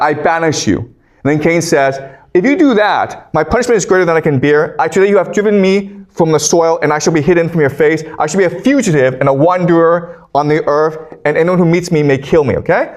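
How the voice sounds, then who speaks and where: A male lecturer giving a university lecture, reading scripture aloud and then paraphrasing it casually, checking in with his audience by asking "okay?" again and again. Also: fairly high pitch. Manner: animated, checks in with "okay?" constantly.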